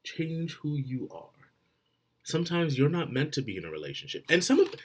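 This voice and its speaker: A man giving blunt, profane relationship advice straight to the camera, swinging between loud and quiet. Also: on the high side, big pitch swings, brisk. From Florida. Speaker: vlogger.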